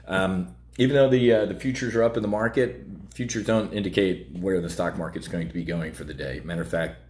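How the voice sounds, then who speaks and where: A man's voice: sits low, fairly even intonation, brisk, darkish tone. A man hosting a trading show, talking bluntly and heatedly with many fillers. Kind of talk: casual market commentary.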